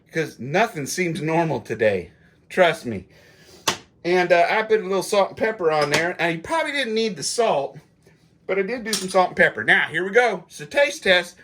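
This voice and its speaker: A man's voice: high-pitched, animated, normal speed, noisy background. A middle-aged man hosting a casual food review vlog, chatting folksily to his viewers while he tastes food. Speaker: prepper channel host.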